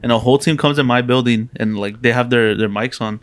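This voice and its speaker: A man's voice: mid-range voice, a little fast. Young man telling gaming stories, cursing. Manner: swearing, animated storytelling. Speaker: podcast co-host. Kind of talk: casual chat.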